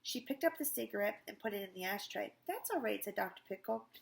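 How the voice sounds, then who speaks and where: A woman's voice: mid-range voice, quick pace, creaky, slight background noise. A woman teacher reading a chapter book aloud to students in a casual, chatty way, often correcting herself. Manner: chatty, with frequent self-corrections.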